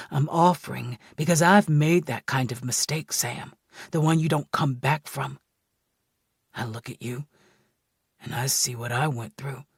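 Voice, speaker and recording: A man plays an earnest young man who keeps his guard up, and he talks in a breathy, husky near-whisper. His pace is slow and deliberate, his voice sits in a middle register, and the audiobook recording is dry and close. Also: no echo. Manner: low, intimate and deliberate. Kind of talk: audiobook dialogue.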